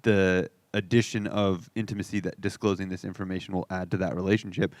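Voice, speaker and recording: A man's voice: deep voice, little pitch movement, a little fast, dry recording. A man co-hosting an unscripted faith podcast, speaking thoughtfully and reflectively. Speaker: podcast co-host.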